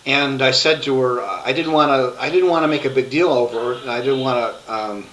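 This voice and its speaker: A man telling his life story to a webcam, rambling and halting with many restarts. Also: mid-range voice, fairly bright tone, low-quality recording.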